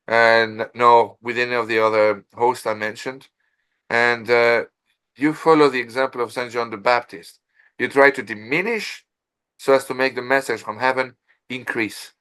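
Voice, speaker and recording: A male interview guest with a voice of middling pitch. He speaks formally and deliberately, choosing his words with care and offering compliments. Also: a bit bright. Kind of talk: interview conversation.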